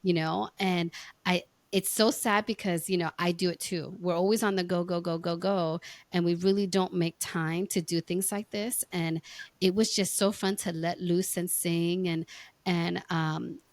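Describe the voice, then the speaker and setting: Woman, middle-aged, podcast host. Slightly low voice, dry sound, casual storytelling chat. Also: steady tone, unhurried, no echo. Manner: chatty storyteller, acts out quoted lines. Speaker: podcast host and life coach.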